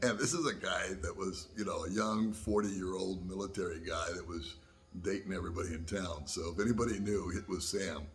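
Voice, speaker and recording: An older American man vlogging, telling a personal story in a folksy, casual way and laughing at himself. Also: low-pitched. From United States. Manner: folksy, laughs at himself, slow drawn-out asides.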